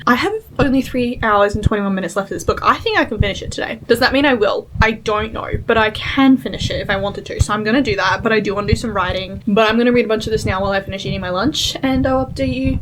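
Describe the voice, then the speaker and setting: A young woman talking to her camera at home in a casual reading vlog, excitable and gushing, swearing casually. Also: mid-range voice, slight background noise, low-quality recording. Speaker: book vlogger. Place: at home indoors. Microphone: camera mic.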